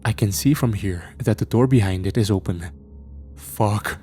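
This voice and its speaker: Dark-voiced man narrating a horror story. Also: on the low side, brisk.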